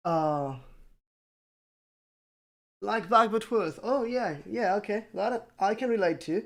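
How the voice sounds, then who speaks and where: Livestream chat, conlang streamer, thinking aloud, hesitant fillers, deadpan self-mockery. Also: medium pitch, slow, long pauses. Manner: dry, self-mocking humor; talks to chat viewers. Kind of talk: casual livestream chat while working.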